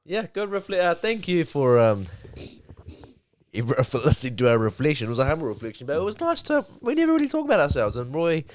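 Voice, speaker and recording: A man's voice: a little high, sing-song, quick pace. A young man in his twenties with a New Zealand accent, co-hosting a casual podcast with jokey, rambling banter. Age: 20s. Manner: jokey, mock-ad rambling, drops to a mumble. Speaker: podcast co-host.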